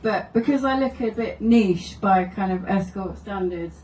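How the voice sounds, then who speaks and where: A woman's voice: mid-range voice, unhurried, darkish tone, echoey room, recorded from a distance, a little hiss or hum, low-quality recording. A woman doing stand-up, telling wry anecdotes and laughing through her stories at a live comedy venue. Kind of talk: stand-up storytelling.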